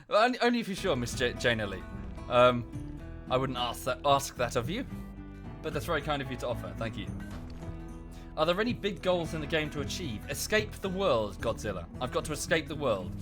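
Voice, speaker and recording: A man chatting casually while live-streaming a game at home, often thinking aloud and thanking viewers. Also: fairly high pitch. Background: background music.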